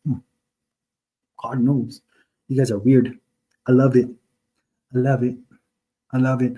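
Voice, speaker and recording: The speaker's voice is husky and dark at medium pitch, delivered flatly and slowly. He hosts a live online religious talk, arguing with people in the chat in a mocking tone, speaking to them directly and quoting Arabic verses.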